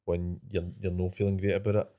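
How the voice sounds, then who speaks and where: A man co-hosting a podcast, chatting casually and asking quick questions. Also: low-pitched, flat delivery, narrow, tinny audio. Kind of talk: casual chat.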